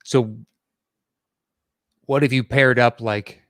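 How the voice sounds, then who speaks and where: A man in his forties co-hosting a podcast in casual chat, hesitant and thinking aloud with pauses and fillers. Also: medium pitch, fairly even intonation, a bit bright, no room sound, studio quality. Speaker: podcast co-host.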